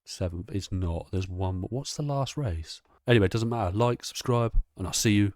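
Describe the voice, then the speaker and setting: A man, host of a gaming channel, excitedly commentating his own racing game with a chatty, casual manner. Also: fairly low pitch, moderate pace, no room sound.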